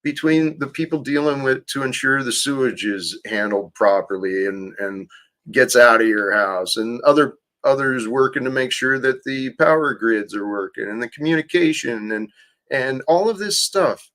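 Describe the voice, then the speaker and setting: A man's voice: mid-range voice, normal speed, fairly bright tone, rough recording. A man hosting a livestream talk, speaking in an earnest, reflective way. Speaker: host.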